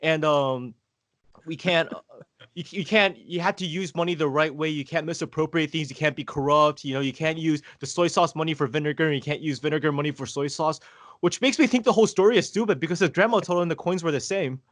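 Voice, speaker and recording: Halting male podcast guest from Taiwan. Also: a little high, a bit bright, no room sound, clean studio sound. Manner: hesitant, halting, filler-heavy storytelling. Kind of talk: casual conversation.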